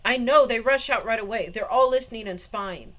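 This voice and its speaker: Woman with a pretty high voice, rambly vlog storytelling, wanders around and laughs a lot. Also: a little fast, a bit bright. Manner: rambling, meandering, laughs often. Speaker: vlogger. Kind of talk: casual storytelling monologue.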